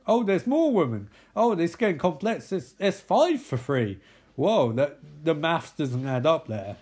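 A man's voice: fairly high pitch, big pitch swings, a little slow, a little mellow, breathy edge. A man giving rambling, sweary, sarcastic commentary over a film.

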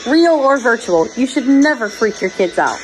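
Woman host, earnest and pleading, fairly high voice, faint music under. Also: sing-song, normal speed, poor audio. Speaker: podcast host. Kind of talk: casual chat. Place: virtual world.

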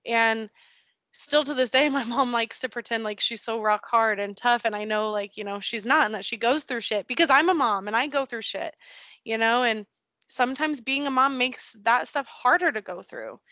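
Woman guest on a podcast, earnest and emotional, bright voice, dry sound. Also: a little high, moderate pace, no echo. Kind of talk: candid personal conversation.

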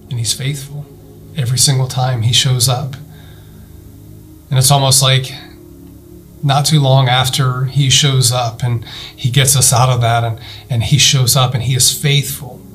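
Pastor, male, mid-pitched voice, earnest sermon delivery with soft music underneath. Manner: earnest preaching, rising emphasis, slowed scripture reading; addresses listeners directly with questions.

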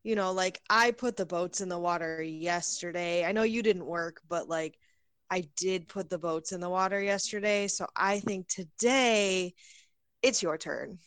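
A woman playing a tabletop game, relaxed and hesitant, full of fillers. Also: lowish voice, a little slow, clear, resonant tone, dry recording. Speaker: player. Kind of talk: casual tabletop play.

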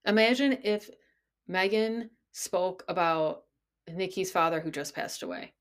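Unhurried, low-voiced woman podcast host. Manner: incredulous, exasperated, swears freely. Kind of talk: casual solo podcast commentary.

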